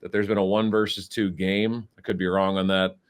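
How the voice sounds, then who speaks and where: A man talking college sports on a podcast in a measured way, hedging often and using fillers. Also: deep voice, little pitch movement, clean tone.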